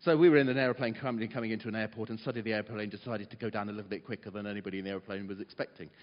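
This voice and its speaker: Male preacher, animated storyteller, muffled recording with long hall reverb. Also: fairly low pitch, racing. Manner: animated storyteller, dramatizes quotes loudly. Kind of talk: sermon.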